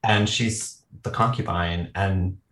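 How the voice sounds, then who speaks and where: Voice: low-pitched, fairly even intonation, slow, a bit bright. A podcast co-host in casual discussion, thoughtful and hesitant, with many fillers. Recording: distant roomy mic with faint noise.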